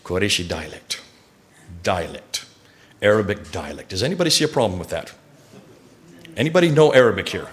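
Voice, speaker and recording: Guy giving a lecture to a crowd, pitch jumping all over, keeps throwing questions at them. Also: fairly quick, long pauses. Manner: animated, asks the audience rhetorical questions. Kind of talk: lecture to a live audience.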